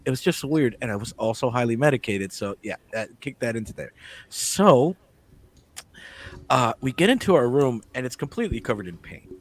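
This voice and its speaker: A man's voice: medium pitch, moderate pace. Man telling a profane story. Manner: animated, profane, acts out the dialogue. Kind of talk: casual storytelling among friends.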